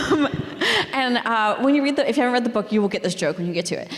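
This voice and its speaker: Chatty, laughing author in a reverberant hall. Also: female voice, mid-range voice, lively intonation, very fast. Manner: chatty, laughing often, lots of fillers. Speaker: author guest. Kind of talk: live interview conversation. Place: library hall before a live audience. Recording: long reverb of a large hall.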